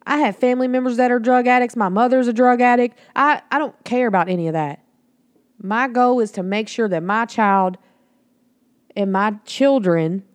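In a fairly high voice, a thirty-something woman hosts a podcast, talking bluntly and emphatically with lots of cursing in an informal monologue. It's a dry recording, made on a home mic that picks up the room.

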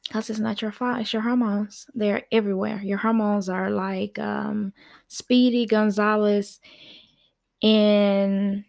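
A woman's voice: medium pitch, steady tone, slow pace, creaky, darkish tone. A woman hosting a podcast from her office, talking casually and reassuringly to her listeners and often laughing as she goes. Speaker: podcast host and parenting coach.

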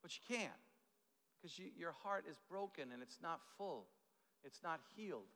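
High-voiced, halting preacher in a hall. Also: male voice, animated, pushed and bright. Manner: halting, repeats words, many asides. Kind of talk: conversational sermon. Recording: echoey hall.

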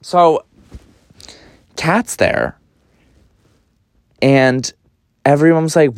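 A young man hosting a podcast, telling a story casually in an animated, gossipy way, swearing a lot and often jumping up in pitch. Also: unhurried, long pauses, no room sound, studio quality. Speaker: podcast host.

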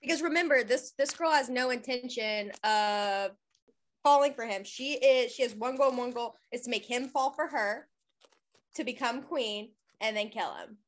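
Woman, high voice, podcast co-host, casual book chat, wry joking asides. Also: moderate pace.

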